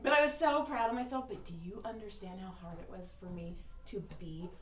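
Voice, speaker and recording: Recorded from a distance in an echoey room, a woman with a medium-pitched voice talks briskly. She co-hosts a casual podcast, telling animated stories full of acted-out quotes and free swearing.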